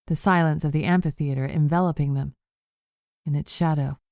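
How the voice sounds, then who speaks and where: A woman narrating a cozy mystery audiobook in a steady storytelling voice. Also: sits low, brisk, gravelly, dry recording, studio quality. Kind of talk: scripted narration.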